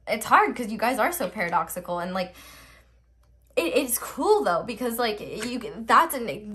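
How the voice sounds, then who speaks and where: Young adult female tarot reader, mid-pitched, candid and meandering, swears offhandedly. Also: a bit bright. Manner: earnest, rambling, full of "like" and restarts; blunt, swears casually. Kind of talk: casual spoken tarot reading.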